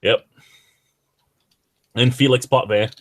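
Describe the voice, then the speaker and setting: A man's voice: medium pitch, fairly even intonation, takes it slowly, no room sound. A young man hosting a podcast, rambling and swearing freely in casual chat. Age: young adult. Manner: profane, rambling hockey banter. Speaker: podcast host.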